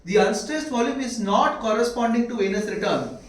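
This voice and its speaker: Very high-pitched and expressive at a moderate pace, an Indian-accented man runs a medical lecture, quizzing his students nonstop with rhetorical questions. It was recorded in an echoey room on a distant mic with a touch of hiss.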